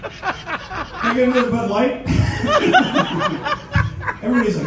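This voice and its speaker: A man doing a profane stand-up comedy set with a loud, ranting delivery, after a casual chat. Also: sits high, sing-song, normal speed. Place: green room, then comedy club stage. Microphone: handheld stage microphone. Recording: echoey room with loud noise.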